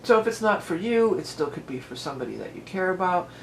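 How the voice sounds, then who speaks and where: Talking fast and very animatedly, this tarot reader has a lowish, creaky voice, with a slight hiss or hum in the background. She's doing a relaxed reading at home, a dog close by, and her chatty delivery keeps wandering off into side remarks.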